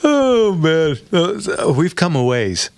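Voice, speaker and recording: A man's voice: a little high, sing-song, slow, creaky. A middle-aged man hosting a radio talk show, rambling and chatty, laughing often. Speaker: radio show host and auction owner.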